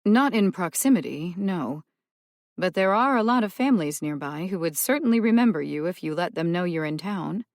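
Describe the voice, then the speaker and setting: A woman's voice: fairly low pitch, animated, normal speed, darkish tone, no echo, clean studio sound. A woman narrating an audiobook, voicing a stern, practical woman who speaks in a firm, lecturing way. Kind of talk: audiobook character voice.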